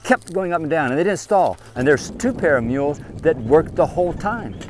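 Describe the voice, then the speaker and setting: A man's voice: a little high, lively intonation, moderate pace, a little hiss or hum. A man leading a group outdoors, lecturing them sternly and firing off repeated questions and commands. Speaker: trip leader addressing a group of kids.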